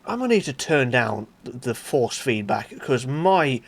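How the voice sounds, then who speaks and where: A man giving casual, exasperated gameplay commentary as a gaming channel host, often bursting into shouts and laughter at mishaps. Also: mid-range voice, very animated, unhurried, vocal fry, very noisy. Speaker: gaming YouTuber.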